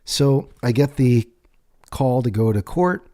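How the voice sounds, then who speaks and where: A man telling his own life story in a candid, profane way, slowing down on emphatic words. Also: medium pitch, expressive, dark tone, no room sound, studio quality. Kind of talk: personal storytelling monologue.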